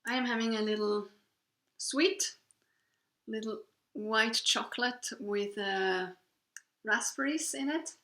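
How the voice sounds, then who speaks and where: A cheerful woman in her thirties from Switzerland chats slowly about her knitting, taking her time over each detail. Her voice is bright and a little high. The room around her is echoey. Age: 30s. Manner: unhurried, cheerful, gushing about her work. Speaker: knitting podcast host. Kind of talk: casual show-and-tell chat.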